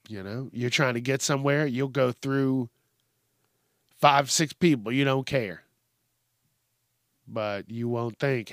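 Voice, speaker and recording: A man's voice: medium pitch, a bit bright, no room sound, clean studio sound. A man hosting a casual news podcast, rambling and swearing with lots of fillers, talking at a microphone on a stand. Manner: rambling, profane, frequent fillers. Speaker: podcast host. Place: home studio with a mic stand.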